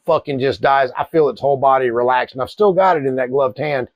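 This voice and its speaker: A man, telling a wild personal story in a profane, animated way. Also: mid-range voice, quick pace, no echo, lo-fi sound. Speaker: cigar channel host. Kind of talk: casual storytelling.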